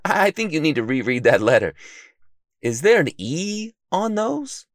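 A man's voice: fairly high pitch, very animated, normal speed, no echo, clean studio sound, pitched above the performer's own voice. A man voicing a sensible, bookish male friend who patiently explains things. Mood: explaining.

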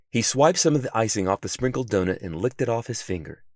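A man narrating a children's story in an expressive, animated reading voice. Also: on the low side, fast, no room sound, clean studio sound.

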